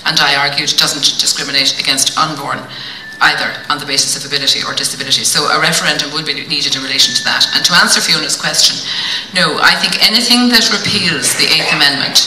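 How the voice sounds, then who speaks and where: Woman lawyer making a debate argument; very bright, slightly high voice, recorded far off in an echoey hall. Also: a little hiss or hum. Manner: measured, assertive, lawyerly. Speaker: debate speaker, solicitor. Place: large hotel function room. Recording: echoey room, distant mic.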